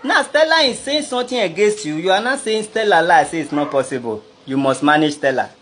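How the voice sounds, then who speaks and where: This vlogger's voice is high, sing-song, quick and a bit bright, with a little hiss or hum behind it. In a Nigerian Pidgin English accent, he rambles indignantly to camera about a personal grievance and talks directly to whoever is listening.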